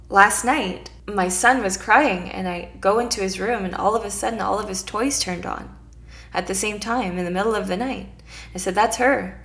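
A woman's voice: mid-range voice, a bit bright. A woman guest on a podcast, telling her story earnestly and reflectively, acting out her own inner dialogue as she goes. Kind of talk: casual storytelling.

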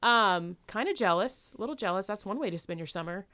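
Woman, smooth clear voice, mid pitch, upbeat, casual podcast co-host. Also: lively intonation, brisk, pushed and bright. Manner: bubbly, upbeat storytelling. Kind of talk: casual chat.

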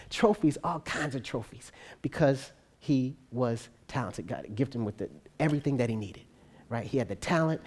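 Animated preacher telling a sermon story. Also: medium pitch, a little fast. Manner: conversational, animated, frequent tag questions.

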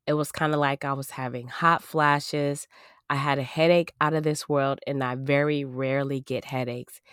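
A woman hosting a casual podcast, her voice hoarse and nearly gone from coughing, chatty and repeating herself. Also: sits low, fairly bright tone, no room sound, studio quality. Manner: chatty, repeats herself, laughs between thoughts. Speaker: podcast host.

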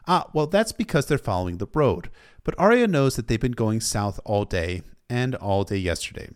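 A man's voice: fairly low pitch, big pitch swings, normal speed, smooth. A man retelling a novel in a casual storytelling style, sometimes stopping for emotional asides. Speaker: book recap narrator.

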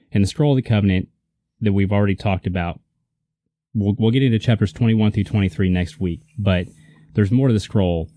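Male Bible teacher, relaxed but emphatic delivery, low warm voice, dry recording. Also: dry recording. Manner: conversational, emphatic, checks in with "right?". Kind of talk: casual teaching talk.

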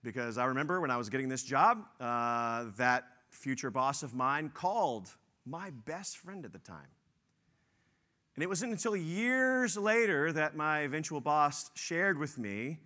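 A man's voice: on the high side, expressive, unhurried, bright, forceful tone. A man preaching a sermon, telling stories and stressing his points with force. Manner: storytelling, emphatic, says y'all. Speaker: pastor.

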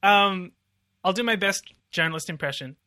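High, bright young man. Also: no echo. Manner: quick quips, chuckling. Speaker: podcast co-host. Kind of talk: casual news chat.

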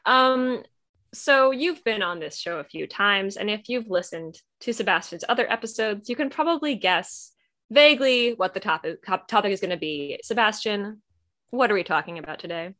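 Woman podcast host, casual, eager, quick asides. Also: mid-range voice, animated, pushed and bright.

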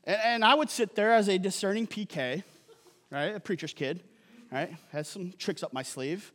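A man's voice: high-pitched, normal speed, fairly bright tone. A man preaching a sermon as a pastor, conversational and joking, often checking in with the congregation by asking "right?". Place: church auditorium. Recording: long hall reverb.

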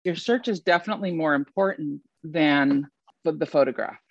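A man as an interview guest, talking about his work as an event photographer in a casual, animated way and laughing often. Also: on the high side, moderate pace, gravelly, no room sound, dull audio.

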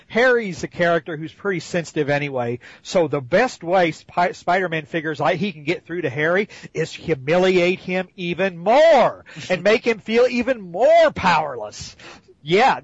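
A man's voice: sits high, expressive, normal speed, no echo, dull audio. A man co-hosting a casual chat, sarcastic and fond of mocking with silly voices. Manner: sarcastic, mocks with put-on voices. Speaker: podcast co-host.

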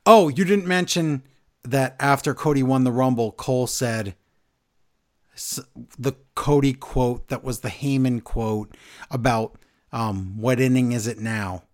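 A man co-hosting a podcast, recapping a wrestling show in casual, animated chat from his notes. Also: mid-range voice, unhurried. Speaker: podcast co-host.

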